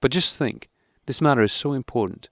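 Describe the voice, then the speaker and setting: A man's voice: medium pitch, brisk, no echo, clean studio sound, pitched above the performer's own voice, natural voice. A man reading an audiobook, voicing a troubled husband who speaks sternly and with restraint.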